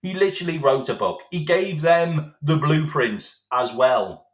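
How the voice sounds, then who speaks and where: Ranting about football as a vlog host, a man swears, gets sarcastic, and repeats himself. His voice is a little high with lively intonation, his pace a little slow, and the sound roomy.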